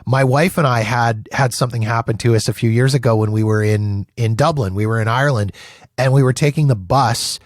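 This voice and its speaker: A man's voice: medium pitch, a little fast, dry recording. A man host tells anecdotes with a self-deprecating streak while leading the conversation. His mid-range voice sounds dry and close, with no room around it. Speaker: podcast host. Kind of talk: conversational interview.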